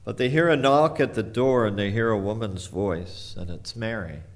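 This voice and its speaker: A man's voice: lowish voice, normal speed. A male pastor preaching a sermon, retelling a scripture story in a reflective, storytelling manner.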